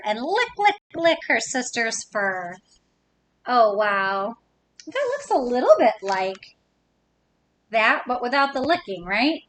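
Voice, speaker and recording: A woman reading a picture book aloud to young children, pausing to ask them playful questions. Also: a little high, big pitch swings, fairly bright tone, slight background noise, low-quality recording. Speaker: children's story reader.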